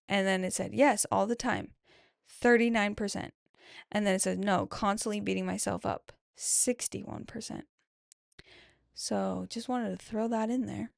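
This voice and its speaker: Reading her followers' answers about motherhood, a mom podcaster cheers each one on in a warm, chatty solo talk, often saying "I love that". Her fairly high voice has a gravelly, creaky edge and she takes her time; the close-miked audio is dry, with no echo.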